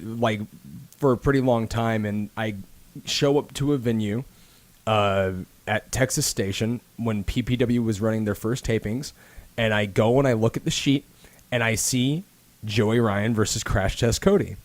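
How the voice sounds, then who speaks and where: A man's voice: fairly low pitch, measured pace, dry recording. Laid-back man chatting on a podcast. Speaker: podcast host. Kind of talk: casual podcast chat.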